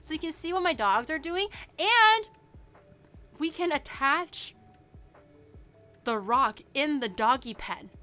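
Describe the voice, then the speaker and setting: A young woman streamer chatting casually to her viewers, animated and swearing, her voice swinging from loud bursts to low mumbles. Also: slow, pauses often, soft background music.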